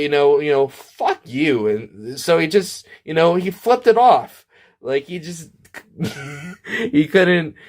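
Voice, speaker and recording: A man spins an absurd tale in a deadpan, meandering delivery, stumbling over restarts and tossing out asides. His voice sits a little higher than most men's. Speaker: storyteller. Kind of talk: absurd comic storytime monologue.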